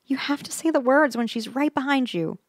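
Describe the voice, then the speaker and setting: A woman's voice: lowish voice, quick pace, no echo, clean studio sound, close to an everyday voice. A woman reading a ghost story aloud, voicing the narrator's frightened young female friend with a raised, urgent delivery.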